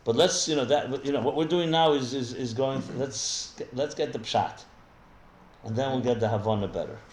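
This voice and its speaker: A man's voice: medium pitch, moderate pace, darkish tone, slight background noise. A man teaching as a rabbi in a live text study class, explaining as he goes and often restarting his sentences. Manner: thinks aloud with many restarts, explanatory. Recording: echoey room with faint ambience.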